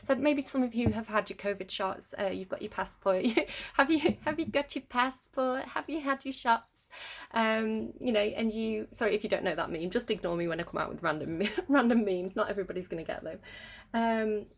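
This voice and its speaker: English woman, tarot reader, higher voice, rambling and casual with frequent fillers. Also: moderate pace. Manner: rambling, chatty, many fillers and laughs. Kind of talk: casual storytelling in a tarot reading.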